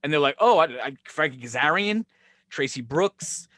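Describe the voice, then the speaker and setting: Animated, profane man. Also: a little high, moderate pace, dry recording, studio quality. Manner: animated, profane, acts out quoted dialogue. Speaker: podcast host, former wrestling booker. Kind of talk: casual storytelling chat.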